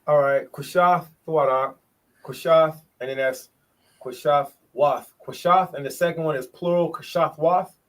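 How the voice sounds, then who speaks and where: A man teaching a bible study on a livestream, preachy and emphatic, swinging between loud bursts and hushed words. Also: fairly high pitch, fairly even intonation, a little slow.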